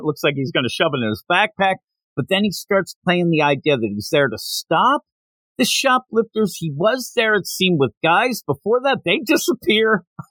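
A man co-hosting a podcast, chatting casually about a manga he read and acting out its lines in quick, animated recaps. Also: on the high side, dry recording. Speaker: podcast co-host. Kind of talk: casual chat reviewing manga.

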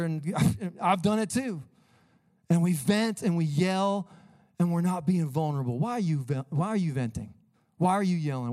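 A man's voice: on the high side, mellow. A man preaching a sermon as a pastor, in an earnest, casual and conversational way.

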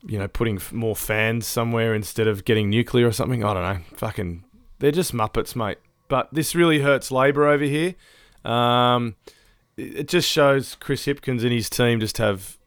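A man's voice: fairly low pitch, clear, resonant tone, no echo, clean studio sound. A man co-hosting a podcast in casual chat, ranting and swearing freely, often laughing mid-sentence. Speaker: podcast co-host.

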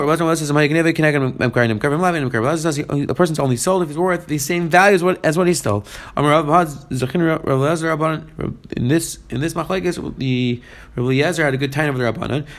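A man teaching a Talmud page, reading the Aramaic text and explaining it in English. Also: fairly high pitch. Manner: reads Aramaic lines then explains in English. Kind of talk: fast Talmud study lesson.

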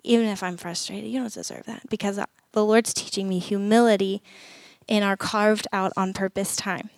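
A woman's voice: medium pitch, steady tone, moderate pace, gravelly, no echo. A woman speaking earnestly to parents at a church gathering, conversational, acting out short prayers as she goes. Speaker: women's ministry speaker. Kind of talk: sermon talk to parents.

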